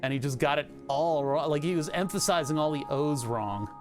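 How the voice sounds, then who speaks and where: Rambling streamer with a Philadelphia accent. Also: male voice, a little high. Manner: rambling, laughs often, swears casually. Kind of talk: casual live-stream chat.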